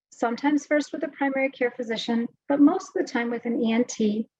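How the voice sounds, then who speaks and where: A woman voice specialist giving a health webinar presentation, explaining clearly and patiently. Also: fairly high pitch, darkish tone, dry recording. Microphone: video call microphone. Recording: dry, slightly dull audio.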